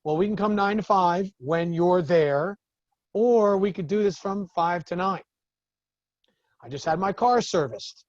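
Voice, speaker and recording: Male business coach, higher voice, lively storyteller who acts out exchanges, close and dry sound. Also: a little slow, no echo, muffled recording. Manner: animated storytelling, acts out the other people in his stories. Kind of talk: talking to a group of business owners.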